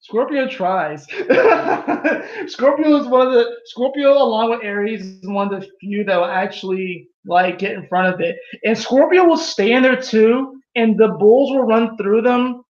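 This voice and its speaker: Male tarot reader, high and chatty, dull lo-fi home recording. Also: moderate pace, few pauses. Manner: animated, laughs at own jokes, acts out quoted voices. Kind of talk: casual tarot reading monologue. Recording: echoey room, dull lo-fi sound.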